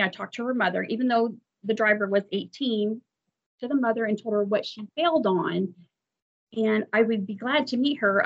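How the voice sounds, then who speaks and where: A woman's voice: on the high side, husky. A woman who works as a drive examiner, telling a long story from the job in a chatty, self-deprecating way. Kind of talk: storytelling in an interview. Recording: muffled audio.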